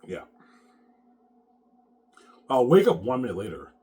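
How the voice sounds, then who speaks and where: A man's voice: mid-range voice, huge pitch swings, measured pace, dark tone. A man talking in a rambling monologue, stammering over repeated words and swearing often. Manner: repetitive, stammering, profane.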